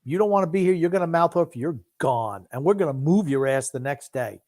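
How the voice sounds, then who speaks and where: A man's voice: on the high side, animated, a little fast, a little mellow. A man co-hosting a casual sports podcast. He speaks bluntly and curtly and gives firm opinions. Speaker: podcast co-host nicknamed Grumpy.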